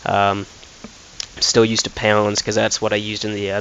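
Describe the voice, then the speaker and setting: A man's voice: fairly low pitch, completely flat delivery, normal speed, a bit bright, slight background noise, poor audio. An American man giving casual commentary over a football career-mode game, thinking aloud with frequent fillers. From United States. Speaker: gaming YouTuber.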